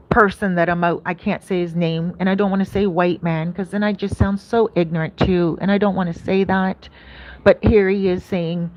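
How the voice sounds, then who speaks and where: A woman real estate advisor talking in a casual vlog rant, animated and emphatic, firing off rhetorical questions. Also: medium pitch, muffled recording.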